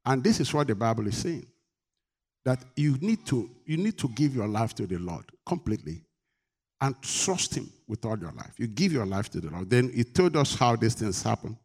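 A man preaching a sermon as pastor, emphatic, with call-and-response questions to the congregation and bursts of rising pitch and volume. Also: very animated, moderate pace, darkish tone, breathy edge.

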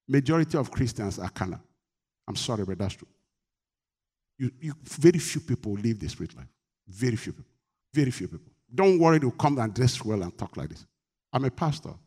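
With a darkish tone, a man preaches emphatically as pastor, throwing call-and-response questions to his congregation amid bursts of rising pitch and volume.

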